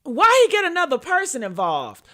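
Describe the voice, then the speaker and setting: A woman's voice: very high voice, huge pitch swings, normal speed, sharp tone. A woman hosting a live stream, reacting to news clips and talking bluntly and profanely straight to her viewers. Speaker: host.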